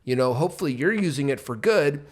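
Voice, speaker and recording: A man co-hosting a business podcast, teaching with lively examples and acting out rising and falling tones. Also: fairly high pitch, fast talker. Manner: animated, acts out rising and falling tones to make points. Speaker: podcast co-host. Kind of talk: coaching podcast talk.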